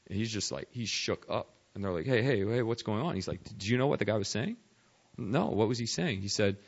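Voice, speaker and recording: A young man preaching a sermon as a missionary, telling stories with sudden drops to a hush and bursts of loud speech. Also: mid-range voice, muffled recording. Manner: storytelling, dramatic swings from hushed to loud.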